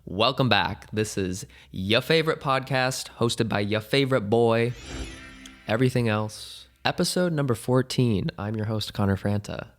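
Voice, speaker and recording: A young man hosting a casual solo podcast, his voice hoarse and weak, rambling along in a jokey, self-deprecating way. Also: mid-range voice, moderate pace. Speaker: podcast host.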